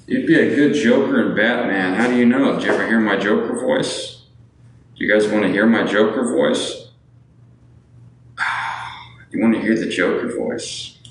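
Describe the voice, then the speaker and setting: A man's voice: lowish voice, normal speed, pauses often. A man chatting casually on a livestream, rambling and answering viewers, often tacking on "you know what I'm saying". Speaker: livestreamer asking viewers for money. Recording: echoey room with faint background noise.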